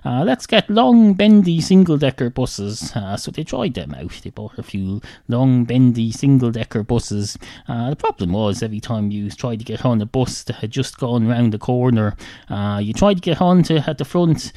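A man giving a rambling comic monologue, deadpan and halting, with many "uh" fillers. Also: medium pitch, dry recording. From Ireland.

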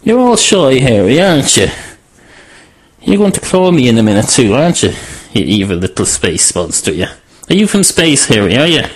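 A man's voice: mid-range voice, big pitch swings, normal speed, slightly rough, pitched above the performer's own voice. A man putting on a sing-song baby-talk voice to tease his pet. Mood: cooing, teasing.

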